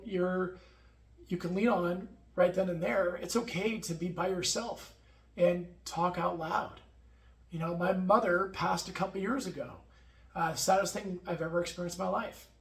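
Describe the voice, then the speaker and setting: Earnest, halting man in an echoey room. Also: high voice. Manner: earnest, halting, emotional, many restarts. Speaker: firefighter sharing his health experience. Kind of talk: personal video diary to camera.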